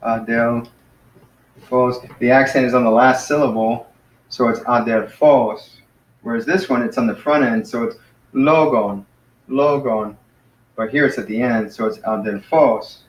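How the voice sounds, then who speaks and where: Male teacher, casual classroom lesson, patient, slows down on key words; roomy sound, mic set back. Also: medium pitch, fairly even intonation. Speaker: Greek teacher. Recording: echoey room, mic far off.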